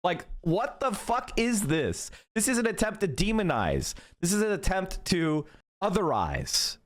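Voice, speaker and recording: A middle-aged man with a high, very animated voice rants indignantly at his livestream chat at a measured pace. As host, he keeps repeating himself and swears often in this heated tirade.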